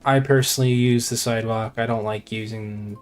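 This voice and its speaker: A man chatting on a game stream, at an ordinary pitch for a man. He rambles through a story with many fillers and restarts. Faint music plays in the background. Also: steady tone, brisk. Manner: rambling, filler-heavy, repeats "I said". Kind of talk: casual storytelling chat.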